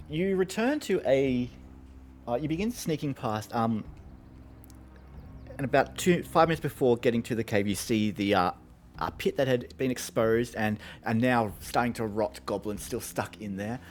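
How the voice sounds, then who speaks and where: A man running a tabletop game as game master, narrating chattily with many ums and pauses. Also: mid-range voice, expressive, slight background noise.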